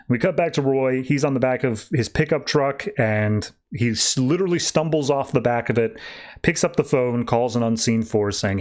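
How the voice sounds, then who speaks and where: A man's voice: mid-range voice, normal speed. A male podcast host loosely retelling a comic book story in casual chat, paraphrasing the characters as he goes.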